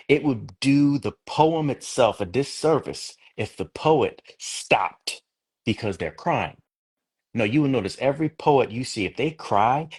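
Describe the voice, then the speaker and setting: A man's voice: mid-range voice, husky. A man speaking as a guest poet in a casual interview, reflective and conversational, often restarting his sentences.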